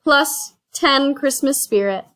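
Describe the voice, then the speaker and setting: Woman w a kinda high voice, reading game cards out loud and counting spaces, chatty. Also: slow pace. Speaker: host. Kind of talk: casual board game play-through.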